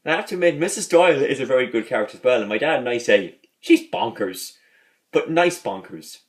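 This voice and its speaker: A man's voice: mid-range voice, lively intonation, rapid-fire. Rambling man chatting casually on a vlog. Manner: rambling, repeats words and restarts often. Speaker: video host reviewing a sitcom.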